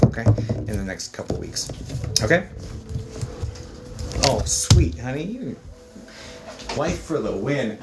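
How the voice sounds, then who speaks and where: Chatty man giving a livestream reading. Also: medium pitch. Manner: chatty, filler-heavy, calls people darling. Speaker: psychic medium.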